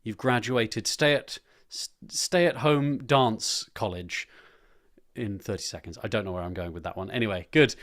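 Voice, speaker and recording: A man guiding a choir through a posture and movement warm-up, making rambling jokes. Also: fairly low pitch, normal speed. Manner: joking, rambling instructions. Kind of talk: guided body warm-up instruction.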